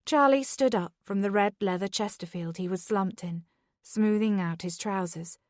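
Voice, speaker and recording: A woman narrating a thriller audiobook in a measured, even way, close to the mic. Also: mid-range voice, no room sound. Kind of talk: scripted narration.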